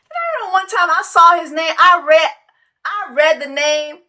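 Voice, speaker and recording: High, bright-voiced woman reacting loudly. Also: moderate pace. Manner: loud, profane, laughing asides to viewers. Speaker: host. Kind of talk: casual reaction commentary.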